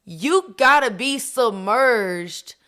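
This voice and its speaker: A woman on a faith podcast in casual chat, speaking in an excited, emphatic, almost preaching way. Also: fairly high pitch, extremely slow.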